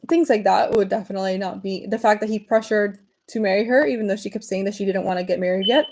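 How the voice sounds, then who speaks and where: Mellow-voiced woman chatting on a livestream. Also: medium pitch, steady tone, quick pace, a little hiss or hum, rough recording. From Venezuela. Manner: rambling, frequent fillers and restarts. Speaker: livestream host. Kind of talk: casual livestream chat.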